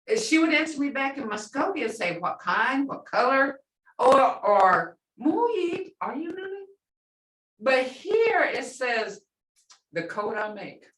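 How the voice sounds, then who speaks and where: A woman teaching a language class, animated, acting out reactions and laughing often. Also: on the high side. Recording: roomy classroom sound from far off.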